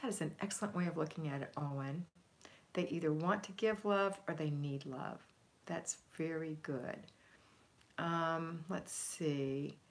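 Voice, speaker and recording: Lower-voiced upbeat woman hosting a live chat. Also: unhurried. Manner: upbeat, emphatic, chatty, coaching tone; reads viewer comments aloud and answers them. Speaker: homemaking livestream host. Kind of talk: live motivational chat, reading viewer comments.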